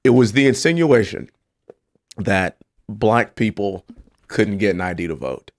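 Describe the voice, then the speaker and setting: A man with a fairly low, unhurried voice appears as a congressman guest on a political talk show. He makes emphatic points through animated storytelling during the discussion.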